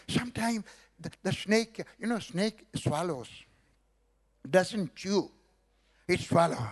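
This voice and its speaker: An older Indian preacher man with a high-pitched voice and an Indian English accent. He delivers his sermon in rhythmic, repeated phrases, building up with calls of hallelujah. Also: lively intonation, measured pace, pauses often. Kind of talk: sermon with personal testimony.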